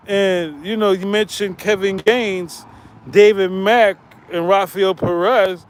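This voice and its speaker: A man with a notably high voice talks straight into a phone on his own stream, loose and unscripted. He leans on street slang and doubles back over his words. Traffic sounds sit behind him outdoors. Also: slow. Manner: rambling, streetwise slang, repeats himself. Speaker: channel host. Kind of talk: casual livestream commentary.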